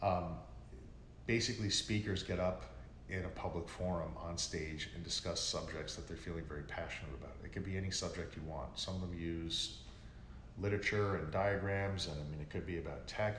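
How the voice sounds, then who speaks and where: Man, low-ish voice, casual stream host, rambling and swearing, echoey room with faint noise. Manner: rambling, profane, gets worked up. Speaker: livestream host. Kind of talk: casual chat with viewers.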